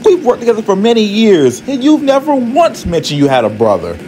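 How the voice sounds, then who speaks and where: A man's voice: high voice, huge pitch swings, fairly quick, warm tone, soft background music, pitched above the performer's own voice, poor audio. A man voicing a friendly, curious female train engine with an inquisitive manner.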